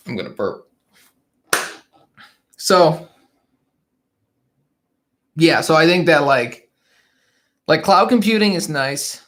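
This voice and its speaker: A man's voice: on the high side, lively intonation, slow, pauses often, fairly bright tone. Chatty man hosting a casual livestream. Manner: chatty, laughs often, trails off and restarts. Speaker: livestream host. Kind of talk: casual live chat reading viewer comments. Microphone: desk microphone.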